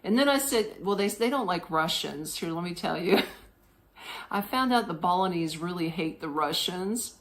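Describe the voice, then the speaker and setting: A woman hosting a podcast, telling a casual story in a slangy, animated way, laughing often and mimicking voices. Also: on the low side, moderate pace. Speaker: podcast host.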